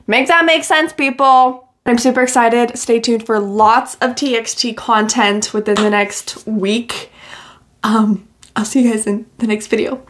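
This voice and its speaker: A woman's voice: a little high, fairly even intonation, a little slow. A young woman gushing and squealing as she reacts to music for her vlog, chatty and full of fillers.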